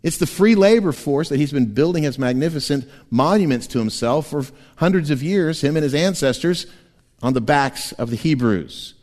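A man preaching a sermon as pastor, animated and playful, often laughing and slipping into quick voices. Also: on the high side. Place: church sanctuary. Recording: long church hall reverb.

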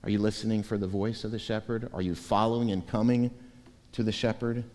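A pastor preaching a sermon, animated and shifting between soft and loud delivery. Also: male voice, on the low side, a little fast. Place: church sanctuary. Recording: reverberant church hall.

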